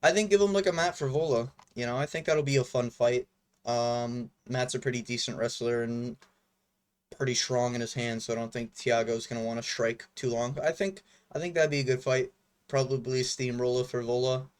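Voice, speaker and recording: A man's voice: mid-range voice, steady tone, moderate pace, clean tone. Young male fight vlogger, casual and blunt, rambling delivery with lots of fillers and swearing. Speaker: MMA commentary vlogger.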